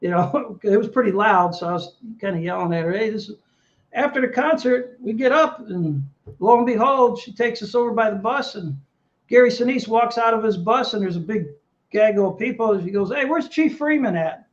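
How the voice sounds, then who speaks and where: A man's voice: sits high, a little fast, dull audio. A middle-aged Navy veteran man telling a story casually in an interview, quoting other people as he goes. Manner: animated anecdote teller, quotes others.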